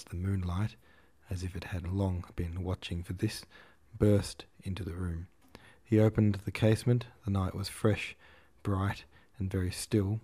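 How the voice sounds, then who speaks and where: A man reading a classic novel aloud as a podcast host, in a measured storytelling manner. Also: low-pitched, mellow. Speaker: audiobook reader and podcast host.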